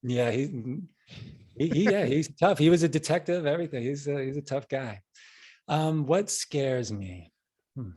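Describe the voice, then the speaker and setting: A man's voice: on the high side, moderate pace, a little mellow. A middle-aged man with a New York accent, a podcast guest telling stories in a rambling, casual way with frequent restarts. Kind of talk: casual interview.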